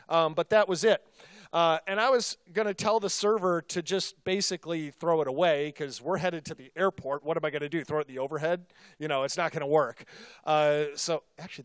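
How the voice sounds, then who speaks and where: Male pastor, middle-aged, high and resonant, dry close sound, chatty self-deprecating sermon storyteller. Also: clear, resonant tone, no echo.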